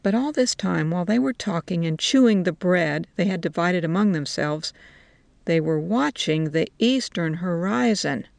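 A woman narrating a story in a slow, measured way. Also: fairly low pitch, animated, vocal fry, darkish tone, no room sound.

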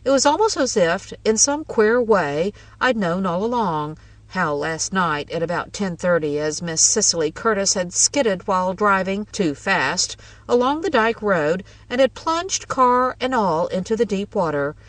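A woman narrating a first-person ghost story in a measured, wry way. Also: medium pitch, lively intonation, no echo, recorded from a distance, low-quality recording.

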